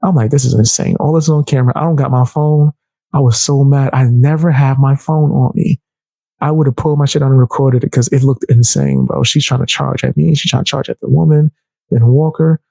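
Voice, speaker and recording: A young man telling a heated personal story in casual, animated speech, raising his voice to act out the people he quotes. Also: mid-range voice, brisk, vocal fry, dry recording. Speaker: storyteller vlogger.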